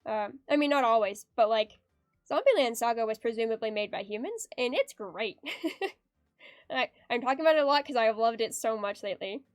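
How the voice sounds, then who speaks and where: A bubbly young woman with a high, bright-sounding voice chats casually while she draws on stream. She giggles often and reads her chat aloud. The sound is dry and close, with faint music playing behind her. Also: normal speed, no room sound. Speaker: art streamer.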